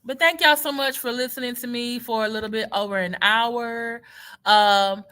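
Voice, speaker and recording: Bright-voiced Southern woman talking casually. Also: on the high side, moderate pace. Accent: Texas Southern. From Houston, Texas. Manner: animated, sarcastic, digressive. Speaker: teacher and livestream host. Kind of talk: casual livestream commentary.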